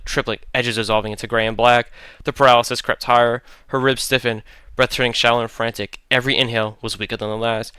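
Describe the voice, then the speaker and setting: A man tells a horror story with dramatic, deliberate pacing. His voice is bright and crisp, recorded close and dry, with no room around it. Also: mid-range voice, no room sound. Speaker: narrator.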